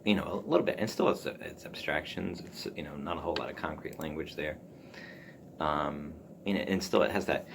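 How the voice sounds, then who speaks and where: A man hosting a solo podcast, musing aloud about writing in a halting way, full of ums and restarts. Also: a bass voice, gravelly, background noise. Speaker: podcast host. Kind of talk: casual solo talk on writing.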